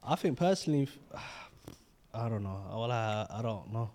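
A young man co-hosting a podcast who speaks softly and hesitantly, often trailing off mid-thought. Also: on the low side, expressive, normal speed. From spent much of his life in Somalia. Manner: soft-spoken, hesitant, trails off. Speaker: podcast co-host. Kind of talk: casual chat.

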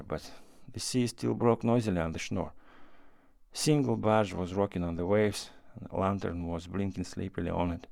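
A male audiobook narrator reads a classic short story in a measured, unhurried way. His voice is low and gravelly. The recording is close and dry, with no room echo. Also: a little mellow. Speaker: reader.

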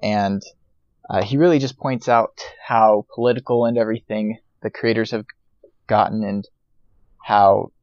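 A low-voiced man talks as a guest in a casual podcast interview, stopping often for uh and um. His voice comes through dull, lo-fi audio that sounds dry and close. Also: a little mellow, no echo. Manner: hesitant, with many uh and um pauses.

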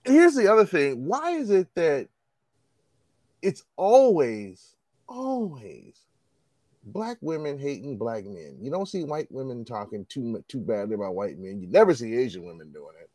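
A man's voice: mid-range voice, sing-song, moderate pace, darkish tone, no echo. A man in casual conversation, ranting bluntly and profanely. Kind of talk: casual chat.

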